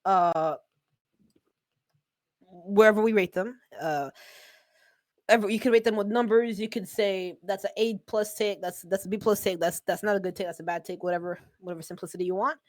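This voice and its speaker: Woman podcast host, passionate and animated, mid pitch, dry close sound. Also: normal speed, no room sound. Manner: passionate, animated, laughs often. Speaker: podcast host and esports caster. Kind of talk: casual podcast chat.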